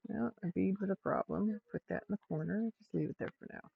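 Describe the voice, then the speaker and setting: A woman's voice: medium pitch, fast talker, gravelly, breathy edge. An older woman hosting a casual crafting livestream at home. She chats with her viewers and her pets as she works. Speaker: livestream host. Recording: dull lo-fi stream audio.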